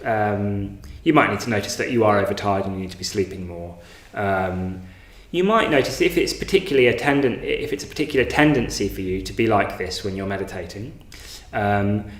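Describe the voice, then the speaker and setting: Male meditation teacher, low voice, hesitant and loose, roomy home recording. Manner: hesitant, many fillers and restarts. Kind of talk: informal meditation talk. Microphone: online class, home recording.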